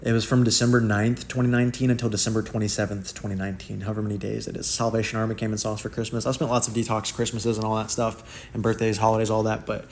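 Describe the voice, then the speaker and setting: On the low side and quick, with few pauses, this young man's voice carries a little hiss or hum. He's a content creator spinning wild personal stories in slangy, animated monologue form, acting out quotes in varied voices.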